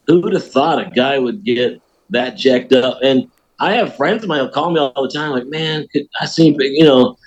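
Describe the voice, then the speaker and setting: An American man, a podcast guest, telling a story in a folksy, animated way. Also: medium pitch, dull audio. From United States. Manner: animated storyteller, folksy, laughs at his own tale. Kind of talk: casual storytelling.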